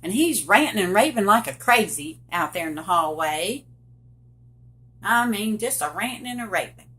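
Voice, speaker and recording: Middle-aged woman, slightly low pitch, direct and emphatic personal storytelling to camera. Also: bright, forceful tone. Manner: emphatic, addresses viewers directly. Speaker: survivor telling her story.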